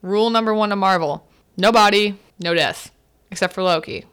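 A woman's voice: medium pitch, normal speed, a bit bright, clear, resonant tone. A young woman hosting a student podcast, chatting casually and laughing as she recaps a film and acts out the characters' lines. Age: young adult. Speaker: podcast host.

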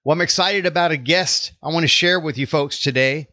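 A man's voice: fairly high pitch, a little fast, sharp tone, dry recording. A man with a Texas accent hosting a faith podcast interview, upbeat and welcoming. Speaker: podcast host and life coach.

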